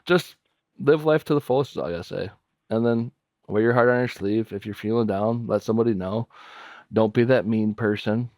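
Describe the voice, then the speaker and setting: A man's voice: fairly low pitch, fairly quick, darkish tone, no echo, clean studio sound. A man guesting on a podcast, speaking earnestly and a little rambling, repeating his main points. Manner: heartfelt, rambling, repeats key phrases. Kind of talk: earnest personal sharing.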